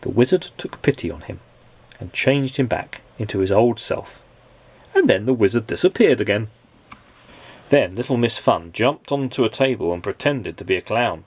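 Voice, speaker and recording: A man reading a children's storybook aloud as a dad, in an expressive storytelling way. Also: lowish voice, normal speed, breathy edge.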